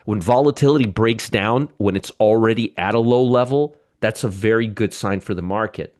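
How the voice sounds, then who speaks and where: Middle-aged man, lowish voice, host of a live market show; excitable and joking, talks right to the viewers. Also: normal speed.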